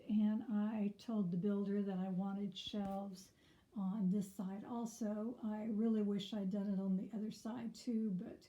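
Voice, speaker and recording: A middle-aged woman giving a casual tour of her sewing room, chatty and relaxed, with frequent ums, her voice slightly hoarse. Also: medium pitch, dull audio.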